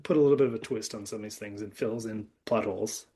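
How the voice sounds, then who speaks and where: A warm, slightly rough, fairly low male voice moves at a quick clip as a podcast host rambles through a film recap. The movie talk is casual and crowded with fillers.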